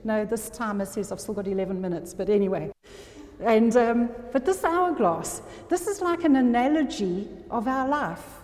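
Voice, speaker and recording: A woman's voice: on the high side, lively intonation, normal speed, a little mellow. A woman preaching an earnest sermon to a congregation, often checking that her listeners are still with her. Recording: long reverb of a hall.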